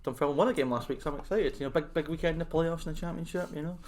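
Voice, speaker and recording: A young Scottish man co-hosting a football podcast, rattling along quickly in a somewhat high voice. He teases his friends and cracks jokes in loose banter. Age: young adult. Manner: teasing, wisecracking. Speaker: podcast co-host. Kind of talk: casual banter.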